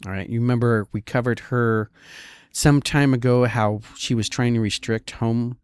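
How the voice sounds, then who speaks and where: A man's voice: medium pitch, steady tone, moderate pace, a little mellow, clean tone, no echo, studio quality. A man who works as a real estate broker, giving casual market commentary in a sarcastic way and often checking in with the listener. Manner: sarcastic, keeps checking in with "all right?".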